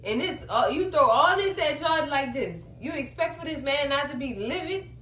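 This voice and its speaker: A woman's voice: high-pitched, expressive, moderate pace, a bit bright. A woman, chatting casually as she recaps a TV episode and acts out the characters' lines. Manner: chatty, dramatic, acts out quotes. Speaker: TV recap vlogger. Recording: echoey room, faint hum.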